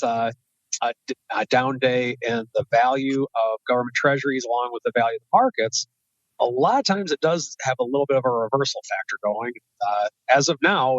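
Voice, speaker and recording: A man's voice: medium pitch, a bit bright, no room sound. A man co-hosting a markets podcast, talking in a hesitant way with many restarts. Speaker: podcast co-host. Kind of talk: casual market talk. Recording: dull dry lo-fi line.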